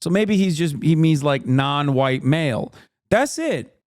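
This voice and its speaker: A man's voice: a little high, expressive, measured pace, a little mellow, dry recording, clean studio sound. A man hosting a casual reaction stream, talking in a crude, mocking, profane way. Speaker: streamer host.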